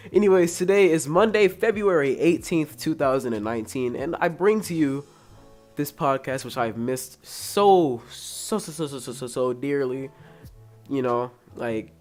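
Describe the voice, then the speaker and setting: A man's voice: medium pitch, measured pace, a little mellow, soft background music. Rambling young man hosting a solo podcast. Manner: rambling, joking, casually profane. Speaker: podcast host. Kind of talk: casual solo podcast chat.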